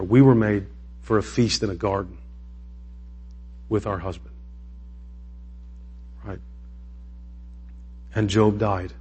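Male pastor, husky voice, casual sermon delivery, emotional, climbs to passionate bursts. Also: on the low side, a little mellow. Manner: conversational, emotional, rising to impassioned peaks.

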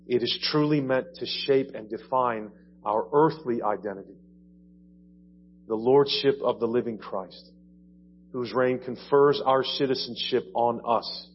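A man from Ohio preaching a sermon in a church, explaining with conversational asides. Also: mid-range voice. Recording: dull lo-fi church audio, faint hum.

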